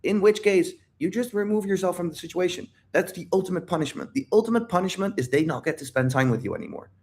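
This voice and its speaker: A man's voice: sits high, sing-song, fast talker, darkish tone. Emphatic swearing man on a livestream. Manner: emphatic and repetitive, swears freely; addresses viewers directly. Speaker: dating and life coach. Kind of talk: livestream Q&A talking to chat.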